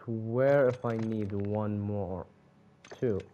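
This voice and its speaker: A man's voice: fairly low pitch, extremely slow, dark tone, lo-fi sound, a little hiss or hum. A man giving casual commentary while playing a shooter, often bursting out in frustration and swearing. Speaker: gamer.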